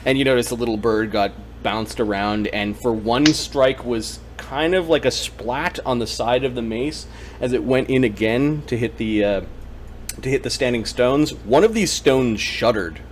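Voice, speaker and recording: A man's voice: medium pitch, measured pace, slight background noise. A man acting as game master, narrating a tabletop game and working through rules, with many fillers.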